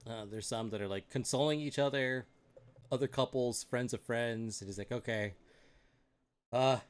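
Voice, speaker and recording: A man's voice: mid-range voice, normal speed, clean tone. A man narrating as game master in a casual, laid-back way, with fillers and chuckles. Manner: casual, lots of fillers and laughter. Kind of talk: improvised tabletop game narration.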